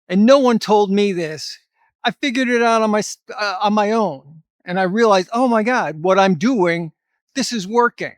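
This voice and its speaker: Speaking directly to camera, a middle-aged male fitness vlogger gives motivational advice in a fairly high voice. He's blunt and emphatic and drops in a little mild swearing. There's no echo; the space sounds dry.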